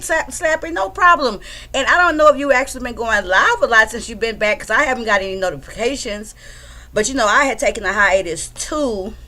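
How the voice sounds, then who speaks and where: A woman's voice: on the high side, a bit bright. Chatty woman hosting a livestream. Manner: greets viewers by name, chatty and loose. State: a bit out of breath. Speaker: livestream host. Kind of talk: casual livestream chat. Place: home.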